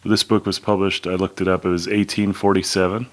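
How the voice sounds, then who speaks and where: A man with a deep, low voice talks through a classic novel in a relaxed chat. He speaks in a measured way with some hesitation, pausing on fillers as he reads out dates. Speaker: book discussion co-host. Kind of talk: casual book chat.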